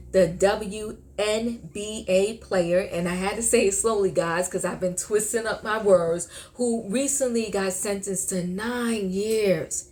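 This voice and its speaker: A woman's voice: medium pitch, darkish tone. Older woman giving an emphatic commentary vlog. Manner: emphatic, repeats key points, chatty. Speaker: vlogger.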